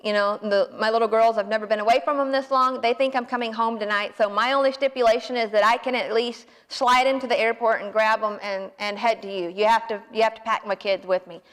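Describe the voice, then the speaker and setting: A woman's voice: a little high, fairly quick, hardly any pauses, in a large hall. Folksy Southern woman in her twenties. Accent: Southern American. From American South. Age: 20s. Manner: folksy, animated, self-deprecating. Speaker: storyteller. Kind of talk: personal story told to an audience.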